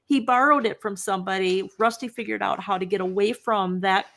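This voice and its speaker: A woman author telling funny family stories in a lively way and laughing often, as a guest on a video call. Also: mid-range voice, a little fast, vocal fry. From Upper Midwest United States. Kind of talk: casual storytelling.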